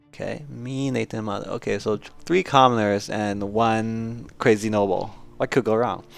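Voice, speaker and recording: A man's voice: on the low side, steady tone, normal speed, vocal fry, soft background music. A man streaming a story game, reading its text aloud and reacting casually. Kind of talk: let's play reading and commentary.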